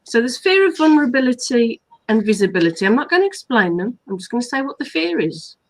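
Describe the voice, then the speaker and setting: A woman's voice: a little high, very animated, quick pace, low-quality recording. A woman hypnotherapist from England hosting a live online talk, explaining points and listing them earnestly. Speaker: hypnotherapist host.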